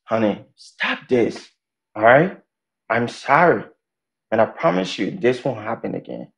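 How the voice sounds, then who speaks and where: A man's voice: mid-range voice, very animated, a little slow, gravelly, a bit bright, heavily acted. An actor with a Liberian English accent playing an evasive married man, defensive and pleading with both his wife and his mistress. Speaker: married husband. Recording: echoey room.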